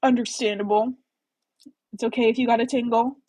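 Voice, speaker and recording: Husky, chatty American woman. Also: on the high side, fairly even intonation, brisk, mellow, no echo, poor audio. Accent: general American. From American Midwest. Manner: rambling, heavy on fillers, swears casually. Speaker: book club livestream host. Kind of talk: casual livestream chat.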